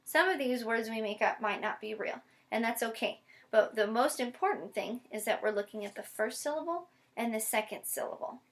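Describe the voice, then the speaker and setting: A woman teacher giving a patient one-on-one phonics lesson, modeling each step slowly and spelling words out letter by letter. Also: fairly high pitch. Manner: slow, deliberate modeling with frequent check-ins. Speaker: special education teacher.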